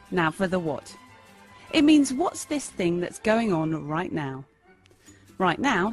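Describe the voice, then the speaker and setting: A woman's voice: fairly low pitch, unhurried, soft background music. A woman giving a playful, scripted lesson on improv comedy. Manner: playful, lively, jumps into character voices. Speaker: improv teacher. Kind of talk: scripted instructional narration.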